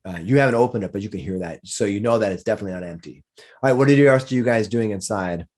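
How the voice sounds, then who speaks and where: A man's voice: fairly low pitch, very fast, a little mellow. A man running a tabletop game as game master, describing scenes with frequent restarts.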